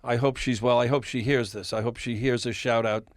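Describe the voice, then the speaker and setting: A fairly quick, mid-range male voice belongs to an older record executive guesting on a podcast. Chuckling often, he animatedly relates a long anecdote, recorded at studio quality with no echo.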